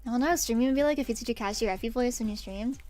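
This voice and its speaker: A woman's voice: a little high, very fast, a little mellow, soft background music. A young woman streaming while she draws, telling stories in a casual chat full of swearing and laughs. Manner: chatty storytelling with swearing and laughs. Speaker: VTuber streamer.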